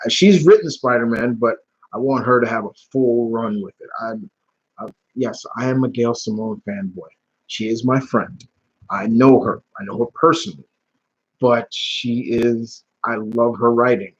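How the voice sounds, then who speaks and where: A young man with a husky, slightly breathy voice talks straight into a live stream, blunt and heated, cursing freely and tripping over restarts. His pitch sits in a middle range. The audio is dull and lo-fi, like a cheap stream mic. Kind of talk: casual live-stream talk.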